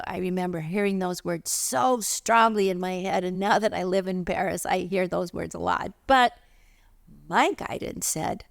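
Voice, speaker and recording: A middle-aged woman, a spiritual teacher, tells a personal story in a lively way and acts out the voices of other people. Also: lowish voice, unhurried, vocal fry, no echo, clean studio sound.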